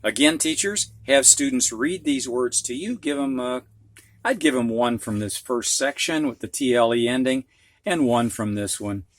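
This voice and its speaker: A man's voice: mid-range voice, moderate pace, dry recording. A man with a Midwestern accent teaching a phonics lesson, patiently explaining words with examples and asides. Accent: Midwestern American. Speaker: reading teacher.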